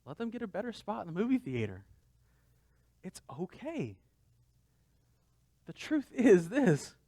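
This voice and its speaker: A man's voice: sits high, wildly swooping pitch, measured pace, warm tone, dry recording. A man pastor preaching a conversational sermon, asking his listeners rhetorical questions.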